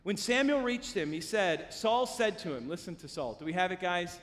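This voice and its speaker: A male pastor preaching a sermon in a church, telling stories in an animated way and acting out quotes. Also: high-pitched, moderate pace. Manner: animated storytelling, acts out quotes. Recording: long hall reverb.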